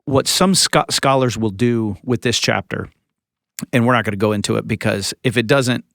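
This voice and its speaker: A man co-hosts a church podcast in a relaxed, joking way. He often slips into little voices to act out the people he quotes. His voice sits at an ordinary pitch, and the recording is dry and close. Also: moderate pace, creaky, no echo. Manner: lively and joking, acts out quotes. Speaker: podcast co-host, church leader. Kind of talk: casual chat about scripture.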